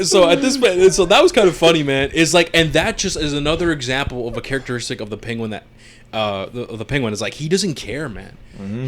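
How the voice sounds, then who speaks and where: Male podcast co-host, mid pitch, casual and animated, lots of laughter, acts out scenes. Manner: animated, laughs often, acts out characters' lines. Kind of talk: casual recap chat.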